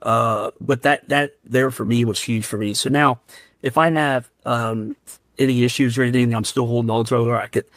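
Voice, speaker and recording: This Central Ohio firefighter and paramedic gives heartfelt, candid interview stories as a podcast guest, becoming emotional while recounting them. His middle-pitched voice is steady, fairly bright and at normal speed. The recording is close and dry, without any room sound.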